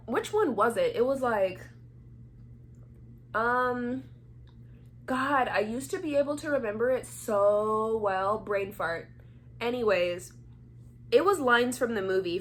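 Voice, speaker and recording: A woman's voice: mid-range voice, a little hiss or hum. A young woman from Atlanta, Georgia telling a story in a casual, chatty vlog and acting out the voices of the people in it. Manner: chatty, animated, acts out quoted voices. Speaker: vlogger.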